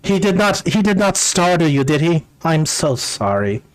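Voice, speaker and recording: A man voicing a kind, elderly human woman who nurses a confused old man, gentle and apologetic. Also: a little high, big pitch swings, normal speed, no room sound, voice pushed up, poor audio.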